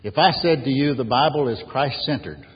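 A man's voice: mid-range voice, animated, moderate pace, husky. A man preaching an earnest sermon as pastor, building emphasis on key phrases. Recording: dull lo-fi sound in a reverberant hall.

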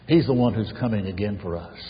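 Male preacher, low voice, pulpit delivery that rises loud and drops hushed; long reverb, faint hiss. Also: fast, muffled recording. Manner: emphatic, repetitive preaching, swinging from loud to hushed. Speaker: pastor. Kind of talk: sermon. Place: church sanctuary.

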